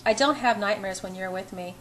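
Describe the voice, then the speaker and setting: A woman's voice: medium pitch, a little fast, fairly bright tone, slight background noise, lightly acted, rough recording. A woman voicing a brooding, controlling young man, spoken intensely and insistently. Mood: earnest.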